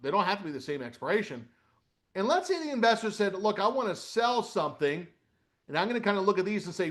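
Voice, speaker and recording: Middle-aged male webinar coach, high-pitched, lively, walks through a screen while quizzing the audience. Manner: animated, repeats "okay?" and asks questions out loud. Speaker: trading coach. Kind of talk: live webinar instruction.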